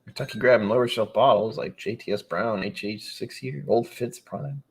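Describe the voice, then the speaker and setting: A man from New England chatting casually on a live stream. He reads out viewer comments and rambles along with wry, sudden animated asides. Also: medium pitch, moderate pace, breathy edge.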